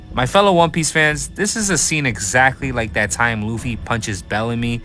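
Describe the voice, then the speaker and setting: A man's voice: mid-range voice, bright, forceful tone. A man narrating an anime story recap as commentary, swearing freely and tossing hyped, sarcastic asides to his viewers.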